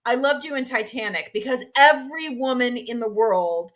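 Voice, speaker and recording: A woman author, a guest on a podcast, telling an anecdote in a lively, self-deprecating way. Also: a little high, normal speed. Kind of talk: casual storytelling in an interview.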